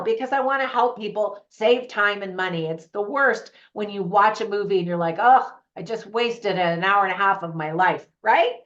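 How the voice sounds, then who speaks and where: A woman's voice: a little high, fairly bright tone. A woman hosting her own movie review channel, chatting to camera with opinionated, laughing asides. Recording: slightly dull lo-fi audio.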